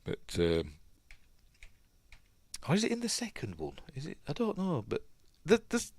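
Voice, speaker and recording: A man's voice: on the high side, huge pitch swings, a little slow, darkish tone. A man with a Yorkshire accent giving casual, rambling commentary on a film as he watches, chatty and prone to tangents. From Yorkshire, England. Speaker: film reviewer, channel host.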